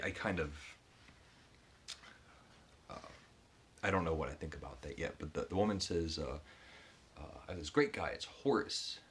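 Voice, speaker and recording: Deep-voiced man reviewing a book. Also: fairly bright tone, slight background noise. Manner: halting, retells the story with frequent restarts.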